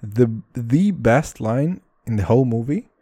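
A man's voice: mid-range voice, unhurried, no room sound, clean studio sound. Profane, rambling casual male vlogger. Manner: profane, animated, repeats "dude" and "all right".

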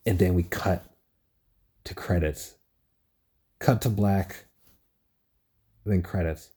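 Low husky man ranting excitedly. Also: slow. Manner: excited, rambling, swearing often. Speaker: podcast host. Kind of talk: casual solo rant. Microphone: phone recording app.

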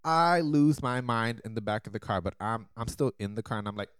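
A man co-hosting a podcast, telling a story with animated energy and laughing often. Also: mid-range voice, fairly quick, smooth, no room sound, clean studio sound. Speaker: podcast co-host. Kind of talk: casual chat.

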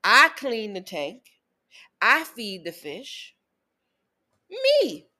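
A woman's voice: fairly high pitch, drawn-out words. A woman in her thirties, a podcast co-host, telling a story in casual chat and acting out what her kids and her ex said. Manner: animated, acts out quotes of her kids and ex.

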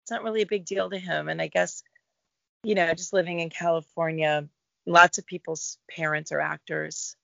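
A middle-aged woman, a guest actor, talking in a relaxed, reflective interview about her career. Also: fairly low pitch, normal speed, vocal fry, no echo, highs cut off. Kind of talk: casual interview chat.

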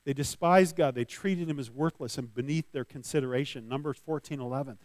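A man's voice: medium pitch, a little fast, few pauses, darkish tone, dry recording. A man giving a sermon as a pastor, talking in a loose conversational way with restarts and light laughs, and reading scripture with rising force.

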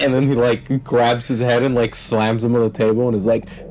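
A man's voice: medium pitch, flat delivery, normal speed, darkish tone, a little hiss or hum, rough recording. A man in a casual podcast chat, rambling and filling his talk with "like" as he retells scenes and laughs.

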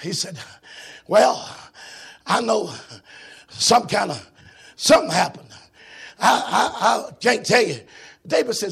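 A man preaching a sermon in a church, shouting in a sing-song preaching cadence with a raspy voice. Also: high voice, very animated, a little slow, pauses often.

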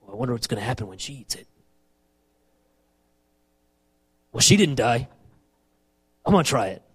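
Man doing a passive, offhand guy, low and hushed, musing aloud, sermon aside. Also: big pitch swings, quick pace, breathy edge. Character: passive man idly watching and tempted.

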